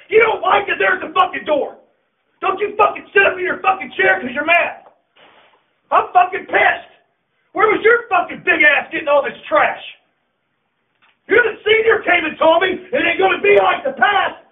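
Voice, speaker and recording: A man coaching a high school team, shouting and swearing as he berates his players in a locker room. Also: normal speed. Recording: echoey, distant, tinny phone-like audio.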